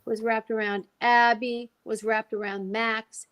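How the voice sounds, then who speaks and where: A woman's voice: on the high side, unhurried, clean tone. A woman telling an emotional personal story as a guest, acting out the voices of the people she quotes. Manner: animated, acts out quoted dialogue.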